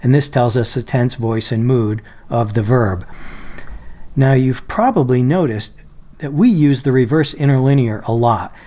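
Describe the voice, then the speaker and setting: A man calmly walking viewers through a software feature in a screen-recorded tutorial, slowing down on quoted phrases and examples. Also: medium pitch. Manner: patient, explanatory, slows down on quoted phrases. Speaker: Bible software tutorial presenter. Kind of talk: screen-share software walkthrough.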